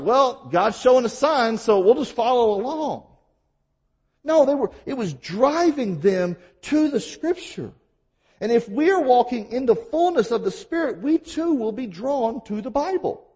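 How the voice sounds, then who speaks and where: A man's voice: extremely high pitch, warm tone, breathy edge. A man preaching a sermon as a pastor, emphatic and full of rhetorical questions.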